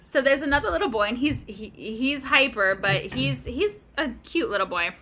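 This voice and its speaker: High bright-voiced woman in her 30s, chatty podcast storyteller who swears a lot. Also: lively intonation, moderate pace, slight background noise. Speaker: podcast co-host. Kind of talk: casual chat.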